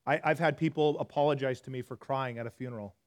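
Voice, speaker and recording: Conversational pastor preaching. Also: male voice, mid-range voice, steady tone, fast. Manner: conversational, self-deprecating, swings from hushed to loud. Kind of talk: sermon. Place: church.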